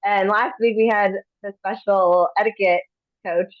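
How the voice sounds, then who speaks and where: A woman co-hosting a casual chat on a video call, chatty and quick to react. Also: medium pitch, fairly even intonation, dry recording, narrow, tinny audio. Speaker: co-host.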